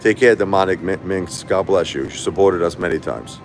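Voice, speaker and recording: A man's voice: deep voice, normal speed, slight background noise. A man hosting a casual livestream, telling a long story in a rambling, repetitive way. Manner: rambling, repetitive, animated when quoting others. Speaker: livestream host.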